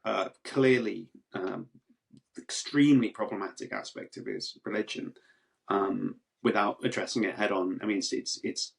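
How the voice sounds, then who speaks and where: A man's voice: on the low side, creaky. Man, panelist, casual chat, exasperated, argumentative, rhetorical questions. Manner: exasperated, argumentative, many "like" and "right?" tags. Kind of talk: casual discussion.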